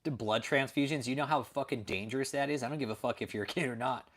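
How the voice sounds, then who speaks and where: Man, livestream host, cursing, ranting, reads chat aloud, mid-pitched voice. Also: fast, a bit bright. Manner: profane, ranting, answers chat. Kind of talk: late-night profane livestream ranting.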